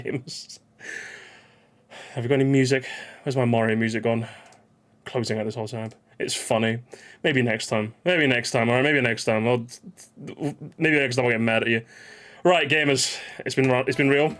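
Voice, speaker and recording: A man's voice: mid-range voice, moderate pace, pauses often, fairly bright tone. A man hosting a stream, chatting casually and ranting in mock anger with lots of swearing. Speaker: streamer host.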